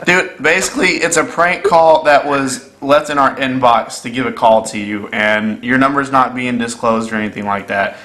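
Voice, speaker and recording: Bright-voiced man making a prank call. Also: mid-range voice. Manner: halting, filler-heavy, fake-official. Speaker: prank caller.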